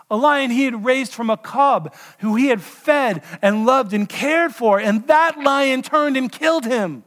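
A male pastor delivering a sermon, telling the story with animated storytelling and asking listeners pointed questions. His voice sits high for a man. A long hall reverb hangs after his phrases.

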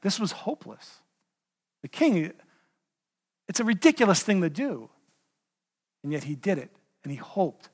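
A man preaching a sermon, retelling a Bible story in an animated way and putting direct questions to the congregation. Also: high voice, measured pace, pauses often, in a large hall. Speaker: pastor.

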